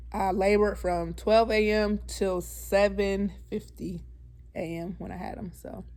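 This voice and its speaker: Speaking to camera in a medium-pitched, darkish voice, a woman vlogger tells a personal story casually and earnestly. She's talkative, addresses her viewers as "y'all," and often breaks into preaching, repeating points for emphasis.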